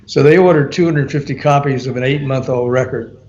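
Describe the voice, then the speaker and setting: A man's voice: mid-range voice, a little fast, dull audio. An older man, an author and former radio promo man, telling a story in an interview, laughing often and acting out quotes. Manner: animated storyteller, laughs often, frequent fillers, quotes people in dialogue.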